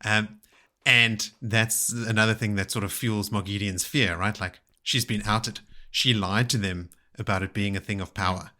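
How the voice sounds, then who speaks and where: Low-pitched, bright-toned man chatting about a book. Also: normal speed. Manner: chatty, quotes passages in an animated way. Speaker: podcast co-host. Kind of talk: casual book discussion.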